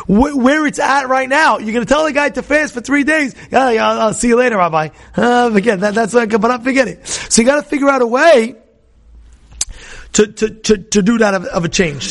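A man teaches a Torah class in an animated storytelling style, acting out dialogue with many restarts. His very high-pitched, gravelly voice swings between loud and soft.

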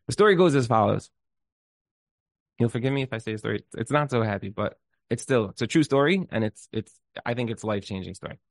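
A man giving an inspirational talk, telling a story in an animated way and often restarting his words. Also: mid-range voice, fast talker, dry recording.

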